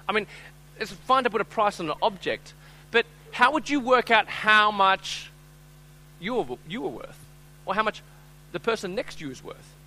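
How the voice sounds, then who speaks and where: A man giving a humorous talk, drawing the audience in with call-and-response bits. His voice sits high and sounds bright and forceful. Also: rough recording. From Australia. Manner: animated, joking, coaxes audience to join in. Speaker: speaker.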